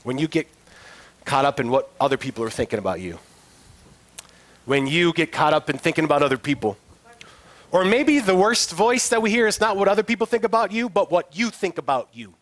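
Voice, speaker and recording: A man's voice: a little high, animated, brisk. A male pastor preaching a sermon in an earnest, emphatic way, asking his listeners rhetorical questions.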